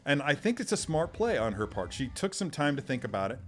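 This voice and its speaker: A man's voice: fairly high pitch, very animated, a little fast. Chatty man thinking aloud on a stream. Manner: reads out and answers viewer comments. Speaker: live stream host. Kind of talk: casual live-stream chat while unboxing. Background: faint sci-fi music.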